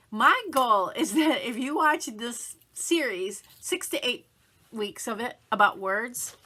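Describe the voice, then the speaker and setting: Bright, chatty motivational woman. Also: medium pitch, a little hiss or hum. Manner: chatty, upbeat, acts out quoted self-talk. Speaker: motivational vlogger. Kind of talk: casual motivational talk to camera.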